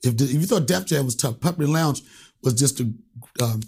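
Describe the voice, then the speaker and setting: A middle-aged comedian from the Washington area, telling a story in an interview, acting out quoted voices and swearing freely. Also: male voice, a little fast, creaky, a little mellow, husky. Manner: acts out quoted voices, jumps pitch and volume for punchlines, swears freely. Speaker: comedian guest. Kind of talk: animated storytelling in a podcast interview.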